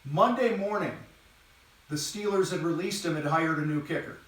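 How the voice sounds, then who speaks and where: Energetic male coach, blunt and casual, slightly high-pitched, recorded off-mic in a very echoey room. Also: moderate pace, far from the mic. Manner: blunt, casual and energetic, swears now and then. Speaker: host and business coach for contractors. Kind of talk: live training talk to a camera. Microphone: distant mic, moves around while talking.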